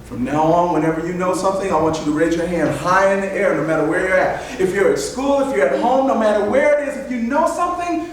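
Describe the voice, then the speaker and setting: A man telling stories live to a group of children, leading them in animated call-and-response. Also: high voice, quick pace, few pauses, recorded from a distance. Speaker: storyteller. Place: library event room. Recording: echoey room picked up from afar.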